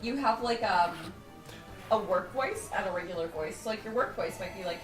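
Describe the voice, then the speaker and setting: A woman co-hosting a game playthrough, chatting casually and often breaking into playful mock sales-pitch voices. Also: normal speed. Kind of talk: casual let's-play chat. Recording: roomy, distant mic, game music behind.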